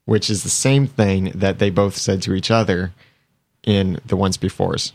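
A man's voice: low voice, fairly even intonation, a little slow, vocal fry, darkish tone. A man co-hosting a casual podcast chat, recapping scenes in detail. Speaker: podcast co-host.

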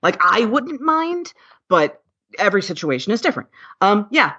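A woman's voice: medium pitch, big pitch swings, moderate pace, bright, forceful tone, husky. A woman who is a podcast guest, talking candidly and earnestly with many restarts. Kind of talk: casual interview chat. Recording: dull, muffled sound.

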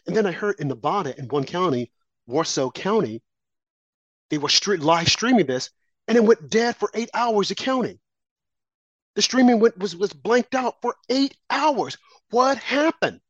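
A woman's voice: medium pitch, sing-song, moderate pace, long pauses, no echo. A woman delivering a heated political opinion monologue as a commentator, sarcastic and mocking opponents in a sing-song voice. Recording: dull lo-fi sound.

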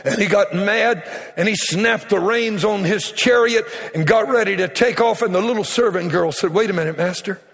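High-voiced preacher in a reverberant hall. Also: male voice, moderate pace, gravelly, a bit bright. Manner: dramatic storytelling, acting out quotes. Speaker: pastor. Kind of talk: sermon.

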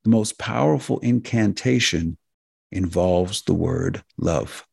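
A man's voice: low-pitched, slow pace, vocal fry, a little mellow, slightly rough, no room sound, clean studio sound. A man hosting a health talk radio show, speaking in an emphatic, repetitive, preacher-like cadence and addressing listeners directly as folks and healers.

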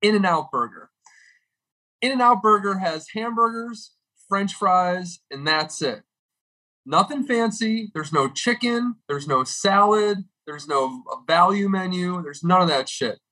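Young male podcast regular, comic rant, bright tense tone. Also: high voice, slow pace, low-quality recording. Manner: animated, exaggerated comedic delivery with swearing. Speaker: podcast regular with a comedic food segment.

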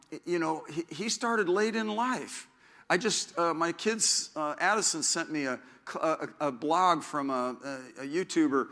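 Middle-aged male pastor, conversational sermon, rambly and self-deprecating, voice a touch high and forceful. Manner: rambling, self-deprecating, with asides and frequent restarts.

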